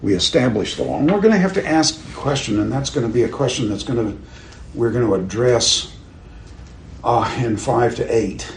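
Chuckling at his own stories and asking his listeners questions, an older man teaches a Bible class in a conversational style. He speaks at a normal speed in an expressive, mid-range voice, with a roomy sound and faint background noise.

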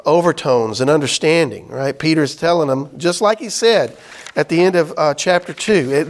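A man teaching a Bible class, chatting casually and reading scripture aloud slowly. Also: fairly high pitch. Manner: conversational, explains with "right?" and "y'all", reads scripture aloud slowly.

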